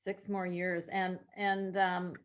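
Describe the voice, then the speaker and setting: A woman interviewing a guest, softly chiming in with short replies and follow-up questions. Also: on the low side, flat delivery, takes it slowly. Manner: brief, soft back-channel responses and follow-up questions. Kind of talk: casual interview.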